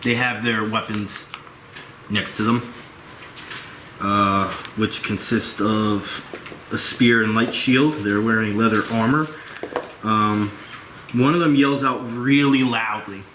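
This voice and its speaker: A man's voice: fairly low pitch, fairly even intonation, slow pace, long pauses. A man narrating as dungeon master, describing scenes in a casual way. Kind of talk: narrating a tabletop game. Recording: echoey room with background noise.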